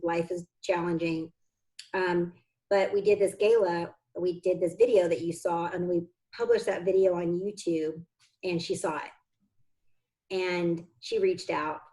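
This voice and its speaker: A woman's voice: on the low side, dark tone, poor audio. A woman in an interview, an adoptive mother and foundation founder, telling her family's story in a heartfelt, earnest way that comes close to tears.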